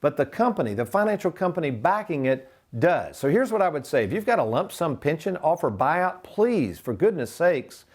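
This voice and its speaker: A man's voice: a little high, big pitch swings, normal speed, few pauses, a little mellow, husky. A man in his sixties hosting a retirement planning show, talking folksy and walking viewers through numbers. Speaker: financial advisor and show host.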